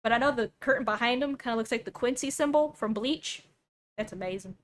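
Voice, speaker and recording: A young woman streams while reacting to a video, tossing out casual, sarcastic jokes and joking asides. Her voice is on the high side and her pace a little fast.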